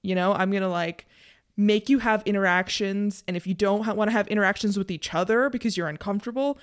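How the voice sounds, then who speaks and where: Young woman, casual podcast co-host, warm reassurance, lots of "like" and "you know". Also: mid-range voice, quick pace. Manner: chatty, reassuring, many fillers. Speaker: podcast co-host and game master.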